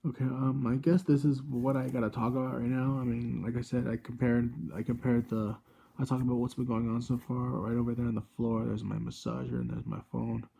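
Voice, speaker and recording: A man in his twenties hosting a casual gadget review vlog from a room at home, rambling and halting, with constant self-corrections. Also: mid-range voice, creaky, warm tone, husky. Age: 20s. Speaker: channel host.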